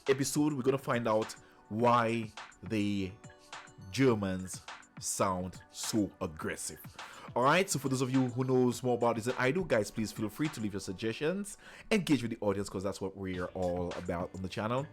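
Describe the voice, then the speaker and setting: A man's voice: on the low side, moderate pace, faint music behind. A man hosting a reaction video, chatting casually and affirming often as he watches. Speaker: reaction channel host.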